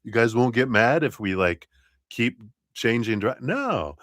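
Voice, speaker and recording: A man voices cheerful, supportive spirit guides in a raised voice pitched above his own, mid-range, expressive and fairly bright. He speaks a little slowly, and the clean studio sound has no room tone.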